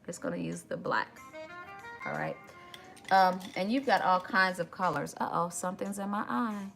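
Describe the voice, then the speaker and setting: Lady in her 50s doing a makeup tutorial, bright forceful voice, chatty and emotional, faint music behind. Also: on the low side, moderate pace, creaky. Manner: chatty, emotional, addresses viewers as y'all. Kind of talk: casual makeup tutorial talk.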